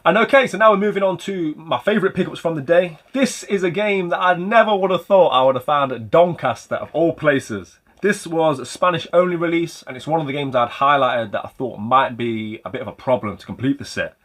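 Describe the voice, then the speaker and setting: A man's voice: a little high, brisk, few pauses, fairly bright tone. Chatty man showing off game finds. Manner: chatty, rambling, light self-mocking humor. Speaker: retro game collector and channel host. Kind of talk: casual vlog chat about game pickups.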